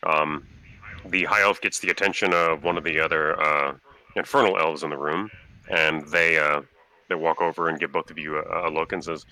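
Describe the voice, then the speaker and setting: A man's voice: very deep voice, steady tone, moderate pace, bright, forceful tone. A man narrating as game master in a tabletop game, speaking loosely with lots of fillers.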